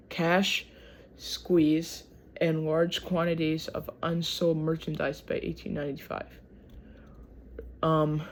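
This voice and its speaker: A host with a Michigan accent reads a history piece aloud at an unhurried, slow pace. The delivery keeps stumbling over names and numbers and drifting into chatty side remarks. It is casual and unpolished, in the manner of a home video. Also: mid-range voice, darkish tone. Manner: stumbles over words, gets sidetracked, chatty. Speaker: channel host.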